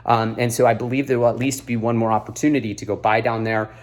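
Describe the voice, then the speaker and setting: This crypto host, slightly winded after exercising, talks fast and flat in a mid-range voice next to a workout machine. He gives blunt, earnest, lecturing advice to the camera, packed with fillers.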